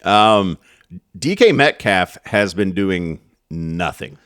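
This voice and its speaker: A man's voice: deep voice, expressive, slow pace, a bit bright, no room sound, clean studio sound. A man co-hosting a casual fantasy football podcast, laid-back and chatty. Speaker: podcast co-host.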